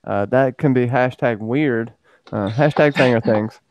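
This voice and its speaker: A man hosts a casual livestream chat, lively and joking as he shouts out viewers by name. His voice is dry and close, with no room around it. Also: medium pitch, a little slow, no room sound. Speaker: podcast host greeting chat.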